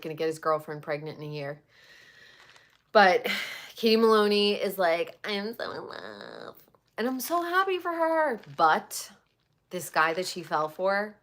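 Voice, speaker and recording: A woman in her forties hosting a casual celebrity gossip talk, blunt and swearing freely, with animated outbursts. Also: lowish voice. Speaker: podcast host.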